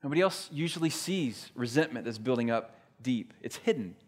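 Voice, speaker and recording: A man's voice: medium pitch, animated, brisk. Conversational male pastor preaching. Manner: conversational, emphatic storytelling. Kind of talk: sermon.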